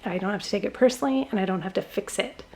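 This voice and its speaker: A woman's voice: mid-range voice, racing. A middle-aged woman hosting a podcast, talking candidly about her marriage in a casual conversation and laughing often. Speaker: podcast host.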